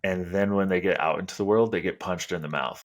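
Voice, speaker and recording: A man's voice: low voice, fast. A man in his thirties hosting a casual podcast chat, blunt and opinionated, swearing casually. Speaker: podcast host.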